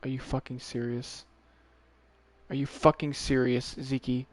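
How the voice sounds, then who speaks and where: A man streaming a video game, talking casually to himself and to the characters on screen, swearing often and getting worked up quickly. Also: medium pitch, flat delivery. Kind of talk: casual gameplay commentary.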